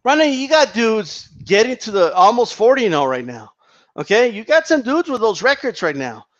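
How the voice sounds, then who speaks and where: A man's voice: high voice, big pitch swings, moderate pace, muffled recording. A man giving heated, profane boxing commentary, restarting his sentences often as he rants. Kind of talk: ranting commentary vlog.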